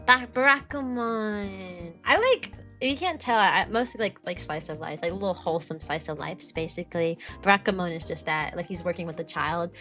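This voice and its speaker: A woman's voice: lowish voice, normal speed, few pauses, soft background music. A young woman streaming as a VTuber, chatting casually and rambling with lots of "like". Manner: rambling, lots of "like", bubbly and animated. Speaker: VTuber streamer and kindergarten teacher. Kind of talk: casual stream chat answering viewers.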